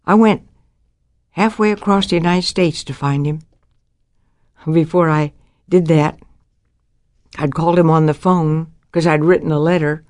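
A woman's voice: low-pitched, steady tone, unhurried, long pauses, darkish tone, no room sound, clean studio sound. An older woman giving a Christian testimony about her life, telling it dramatically and acting out the voices of the people in her story.

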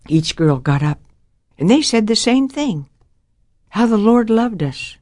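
Animated older woman telling her story. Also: no room sound, studio quality. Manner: animated, acts out quotes with big pitch jumps. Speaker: speaker giving a personal testimony. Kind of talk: storytelling testimony talk.

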